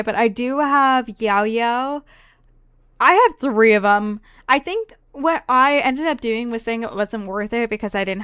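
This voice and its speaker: A young woman streamer from the Southern United States talks through her game in casual, rambling commentary, trailing off and restarting as she goes. Her voice sits a bit high and comes through smooth and clear. The recording is dry, with almost no room sound. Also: a bit bright, no echo.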